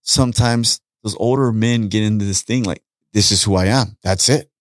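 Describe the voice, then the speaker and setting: A man talking casually on a podcast, an animated storyteller who acts out conversations and repeats his points. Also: lowish voice, normal speed, no room sound, clean studio sound. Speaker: podcast guest, street preacher. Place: podcast studio.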